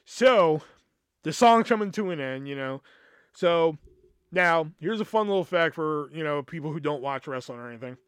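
A young man tells a story on his podcast in a casual, rambling way, swearing freely and piling on fillers. His voice sits a little high for a man. It is recorded close and dry, with no room sound. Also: moderate pace, clean tone, no room sound. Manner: profane, animated, rambling with lots of fillers. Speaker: podcast host.

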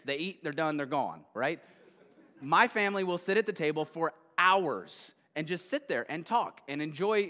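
A male pastor gives a laid-back sermon in a slightly high voice, rambling and checking in with his listeners as he goes. His words trail a long echo around a hall. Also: fairly bright tone. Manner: conversational, rambling, frequent "right?". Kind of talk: casual sermon.

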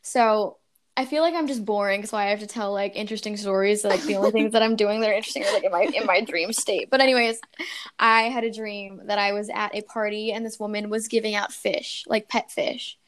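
A woman's voice: mid-range voice, fairly even intonation, fairly quick. A young adult woman co-hosting a podcast, telling a rambling story with lots of fillers. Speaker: podcast co-host. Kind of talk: casual chat.

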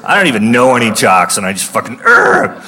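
A man in his thirties telling a profane stand-up comedy story in a rambling way, with sudden shouted outbursts. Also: on the low side, lively intonation, fast. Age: 30s.

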